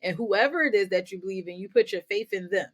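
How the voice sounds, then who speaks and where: A woman guest on a podcast, telling her own story in energetic bursts and often repeating words as she goes. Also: mid-range voice, fast talker, breathy edge. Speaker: podcast guest, nonprofit founder. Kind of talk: candid personal storytelling.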